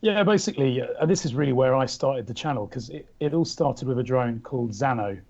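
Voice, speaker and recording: A man's voice: medium pitch, a little fast, darkish tone. An English man chatting as a guest over a video call, dry and teasing. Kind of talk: casual video call chat. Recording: dull lo-fi call audio.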